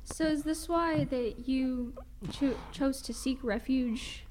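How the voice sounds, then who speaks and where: A woman's voice: sits high, slow, darkish tone, a little hiss or hum. A woman with a Texan accent in casual podcast chat, wry and teasing.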